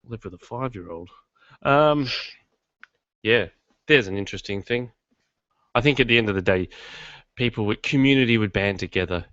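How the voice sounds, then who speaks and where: A man's voice: fairly low pitch, normal speed, long pauses, fairly bright tone, dry recording. A man hosting a podcast from his garage, chatting casually in a rambling, self-deprecating way. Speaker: podcast host. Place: home studio in his garage. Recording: dull lo-fi dry sound.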